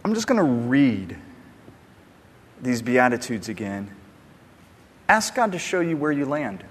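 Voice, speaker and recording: A pastor giving an emphatic, conversational sermon. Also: male voice, medium pitch, very animated, unhurried, husky. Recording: long hall reverb.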